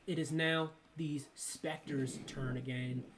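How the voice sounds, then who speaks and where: A man's voice: a little high, steady tone, takes it slowly, noisy background. A man running a tabletop game as game master, talking loosely with plenty of ums and uhs. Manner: loose and chatty, lots of ums and uhs, breaks into laughter.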